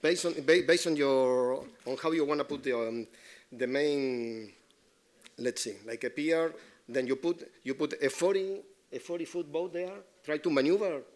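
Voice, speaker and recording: Man, slightly high voice, halting speech, insistent complaints, public comment. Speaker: resident giving public comment. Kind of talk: public comment at a city meeting.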